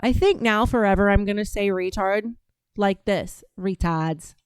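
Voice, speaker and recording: A woman's voice: medium pitch, steady tone, normal speed, slight background noise. A woman hosting a casual livestream, reading out chat and talking in a brash, profane, drawling way.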